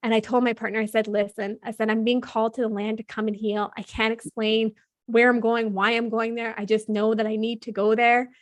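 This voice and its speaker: A woman's voice: fairly high pitch, level tone, fairly quick. A woman telling a personal story as a podcast guest, chatting freely and quoting what she and others said. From Canada. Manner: chatty, frequent "like" fillers, quotes her own and others' words.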